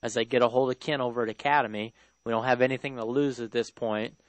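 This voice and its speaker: Brief: male radio co-host, easygoing storyteller, medium pitch, dry studio sound. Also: steady tone, quick pace, no echo. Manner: casual storytelling, laid-back. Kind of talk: live radio talk.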